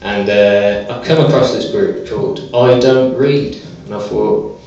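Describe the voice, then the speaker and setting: A man performing a stand-up comedy set on a small club stage, delivering deadpan one-liners with hesitant fillers. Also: lowish voice, measured pace, creaky. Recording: echoey, distant, dull live club recording.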